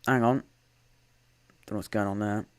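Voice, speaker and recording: Here the watchalong host has a fairly low, clear, resonant voice, an even intonation, and a moderate pace. He commentates the live football match casually, wandering off track, breaking off mid-thought to restart, and tossing in wry, sarcastic comments.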